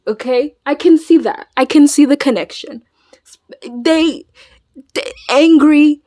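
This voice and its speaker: A woman chatting casually in a reaction video, animated and slangy, swearing freely. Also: high voice, slow pace, no room sound, clean studio sound. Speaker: video creator.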